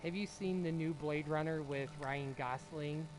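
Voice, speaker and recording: A man streaming a game, telling a rambling, excitable story in casual chat and swearing freely. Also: a little high, measured pace, noisy background. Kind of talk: casual storytelling while gaming. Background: loud game music.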